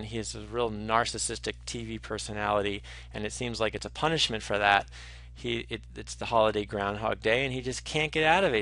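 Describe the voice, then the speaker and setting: A man lectures in a chatty, animated way, filling gaps with ums and restarting his sentences. His voice is bright and forceful, and it sounds dry and close, with no room echo. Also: mid-range voice. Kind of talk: conversational lecture.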